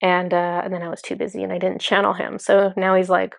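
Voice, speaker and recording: A woman's voice: medium pitch, level tone, brisk, gravelly, no echo, studio quality. A woman speaking as a spiritual channeler in a casual, enthusiastic monologue full of fillers. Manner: chatty, filler-heavy, enthusiastic.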